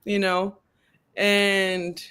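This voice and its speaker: A woman's voice: medium pitch, little pitch movement, drawn-out words, clear, resonant tone. A woman in her thirties, an author guest on a video call, emotional and holding back tears, hesitant and grateful. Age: 30s. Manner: soft-spoken, hesitant, grateful. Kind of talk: interview over video call.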